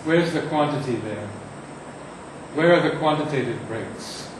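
A man teaches a class on reading verse aloud, his voice sitting a little high. He speaks slowly and deliberately, leaning hard on the stressed words. The recording is distant and very echoey, with faint noise behind. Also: expressive. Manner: slow, deliberate, recites lines with heavy emphasis. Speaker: poetry teacher. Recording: echoey room from far off.

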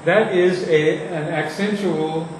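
A man teaches a class on reading verse aloud, his voice sitting a little high. He speaks slowly and deliberately, leaning hard on the stressed words. The recording is distant and very echoey, with faint noise behind. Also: fairly even intonation. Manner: slow, deliberate, recites lines with heavy emphasis. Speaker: poetry teacher. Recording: echoey room from far off.

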